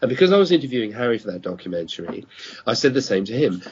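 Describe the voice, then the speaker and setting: Appearing as a guest, a middle-aged radio producer tells rambling anecdotes in casual chat, often stopping to restart and correct himself. His medium-pitched, slightly mellow voice is very animated and rapid-fire, heard over muffled online call audio with slight background noise.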